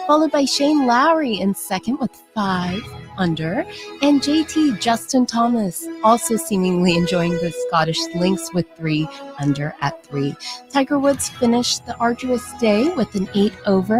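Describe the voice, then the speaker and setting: List: woman, radio sports update, calm, understated, music underneath. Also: mid-range voice. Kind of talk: read sports update and casual chat.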